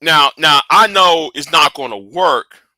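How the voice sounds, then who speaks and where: A man's voice: on the high side, a little slow, pushed and bright, dry recording, low-quality recording. A man hosting a livestream, ranting heatedly and profanely, often repeating and restarting his words. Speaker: livestream host. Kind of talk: angry livestream rant.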